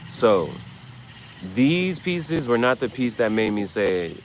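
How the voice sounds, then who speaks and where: A man hosting a livestream, giving casual, rambling, slangy commentary with sudden loud, excited bursts. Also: mid-range voice, slow pace, background noise. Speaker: livestream host.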